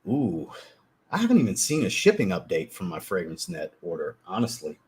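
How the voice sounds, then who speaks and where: A man hosting a fragrance livestream, chatting casually, telling profane, animated stories and reading out chat messages. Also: low voice, brisk. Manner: animated, profane storytelling, reads chat aloud. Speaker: livestream host.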